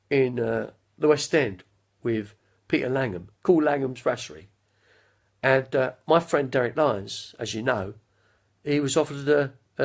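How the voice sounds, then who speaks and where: A man putting on the voice of a boastful older film star, drawling and pausing for effect, at home. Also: a little high, vocal fry, a bit bright, full character voice. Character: boastful older male London film star, laid-back.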